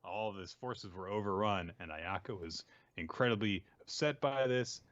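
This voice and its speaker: Chill guy w a lowish voice recapping manga on a podcast, kinda muffled lo-fi sound. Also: normal speed, no room sound. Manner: relaxed, laughs often, filler uh and like. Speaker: podcast host. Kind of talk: casual chat recapping manga.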